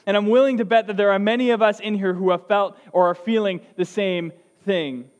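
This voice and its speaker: A man's voice: sits high, steady tone, brisk, few pauses, clear, resonant tone. A young man preaching a sermon as a student pastor, telling a story in a conversational way with frequent restarts. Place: church hall. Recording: long reverb of a large hall.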